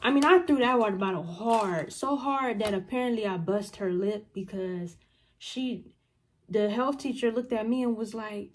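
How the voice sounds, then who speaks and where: A woman's voice: mid-range voice, moderate pace. A young adult woman vlogging a storytime in a casual, slangy way, acting out what people said to her. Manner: animated, slangy storytelling that acts out what others said. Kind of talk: storytime vlog.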